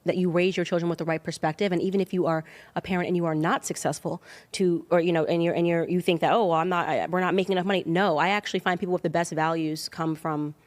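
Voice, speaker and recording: A woman in her thirties talking casually as a podcast guest, emphatic and animated, jumping up in pitch when she acts out other people. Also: fast, few pauses. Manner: emphatic, animated storytelling with sudden pitch jumps. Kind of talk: casual chat.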